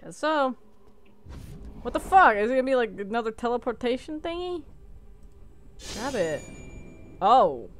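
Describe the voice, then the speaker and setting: A young woman hosting a horror game let's play, giggly, jumpy and expressive in casual commentary. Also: on the high side, measured pace, pauses often, slight background noise.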